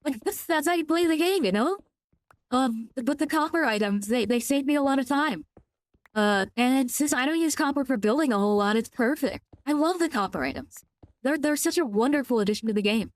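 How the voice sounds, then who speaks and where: A woman's voice: sits high, lively intonation, a little fast, dry recording. A young woman with a Californian accent, chatting casually on a gaming stream, rambling with many restarts and casual swearing. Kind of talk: casual live-stream chat while gaming.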